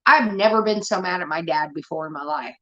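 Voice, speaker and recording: A young woman telling rambling, profane stories in casual chat, getting animated as she retells them. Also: fairly low pitch, fairly quick. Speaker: show host. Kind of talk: casual storytelling rant. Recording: dull lo-fi stream audio.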